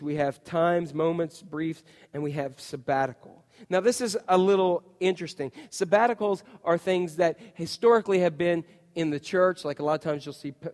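A man preaching a chatty, animated sermon as a pastor, full of asides and "you know". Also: a little high. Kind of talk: conversational sermon. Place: church. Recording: long reverb of a church hall.

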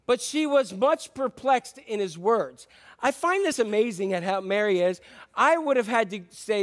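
A man's voice: high-pitched, a little fast. A male pastor giving a sermon in an informal, chatty way, full of fillers and joking asides.

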